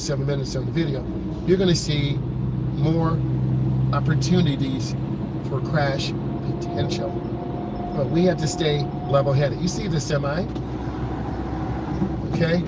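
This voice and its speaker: A man, a driving instructor, coaches his live chat while driving through city traffic. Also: fairly high pitch. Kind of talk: live-streamed driving commentary. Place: inside a car in city traffic. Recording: clear car and traffic noise. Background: engine and road noise.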